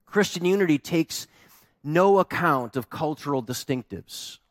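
A man preaching a sermon as pastor, telling a story with lively acted-out quotes. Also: on the high side, measured pace, no room sound, clean studio sound.

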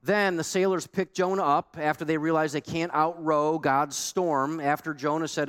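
A man preaching a sermon as pastor, emphatic, repeating key lines for weight and moving between quick bursts and slow, stressed phrases. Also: fairly high pitch, a bit bright, clean tone.

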